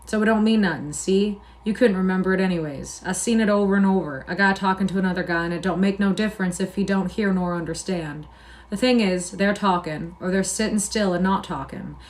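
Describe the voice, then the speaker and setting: A woman reading a novel aloud plays a lonely, bitter older ranch hand who talks in a slow, drawling, persuasive way. He broods and muses aloud, sometimes scornful, at a middling pitch. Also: close to an everyday voice. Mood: brooding, persuasive.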